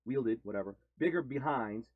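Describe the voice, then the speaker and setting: Husky, lively male co-host on lo-fi audio. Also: medium pitch, normal speed, no room sound. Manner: giggly, animated. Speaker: podcast co-host. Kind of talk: casual chat. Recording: lo-fi dull sound.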